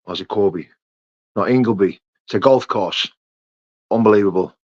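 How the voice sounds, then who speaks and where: In a muffled, dull and dry recording, a young man runs a casual live chat, calling out viewers by name, greeting them and fielding their questions with matey chattiness. His voice is fairly low and husky with a darkish tone, moving at normal speed.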